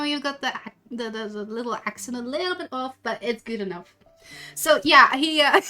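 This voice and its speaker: Bright chatty Dutch woman streamer. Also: a little high. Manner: rambling, chatty, many restarts. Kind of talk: casual stream chat, storytelling. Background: faint background music.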